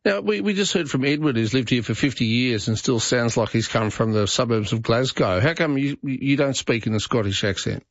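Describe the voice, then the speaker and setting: A man hosts a talkback radio show, chatty and stammering through restarts as he thinks aloud. His voice sits at a middle pitch, close and dry, with slightly dull sound. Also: lively intonation, brisk, hardly any pauses, no room sound. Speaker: radio host.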